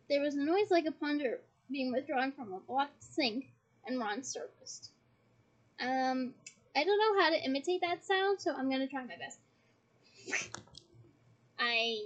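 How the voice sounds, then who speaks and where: High-voiced woman reading a novel aloud. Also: animated, unhurried, long pauses, fairly bright tone. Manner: playful, giggly asides to listeners. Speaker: audiobook reader. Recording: dull lo-fi recording.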